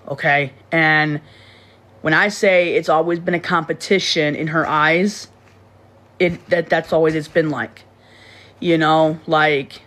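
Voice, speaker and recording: A woman's voice: low-pitched, fairly bright tone. A young woman talking casually to her livestream viewers, rambling and restarting sentences, blunt and swearing freely. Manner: rambling, repeats words and restarts often.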